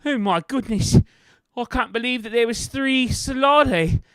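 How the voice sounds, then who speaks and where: A man's voice: very high voice, pushed and bright, smooth, dry recording, voice pushed up, exaggerated voice. A man voicing an exasperated, fussy young woman student in a tabletop game. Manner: exasperated, fast. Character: flustered female student, fussy and alarmed.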